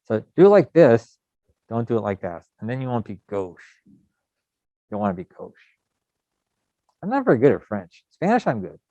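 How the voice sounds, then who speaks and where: A middle-aged man from the United States teaching a programming lesson in a relaxed, rambling way with many fillers. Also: medium pitch, normal speed, long pauses, no room sound. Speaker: programming instructor. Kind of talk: recorded coding lecture. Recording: dull lo-fi sound.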